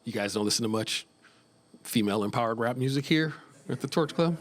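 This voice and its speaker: A man's voice: medium pitch, brisk. A man in his fifties from Northern California doing loose, profane live stand-up comedy in a small club, chuckling at his own jokes. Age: 50s.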